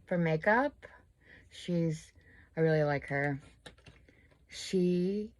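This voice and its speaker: A woman, chatting casually and rambling while she does her makeup at home. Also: deep voice. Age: 50s. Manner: rambling, chatty, self-deprecating. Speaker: crochet and makeup vlogger. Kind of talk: casual chat while getting ready.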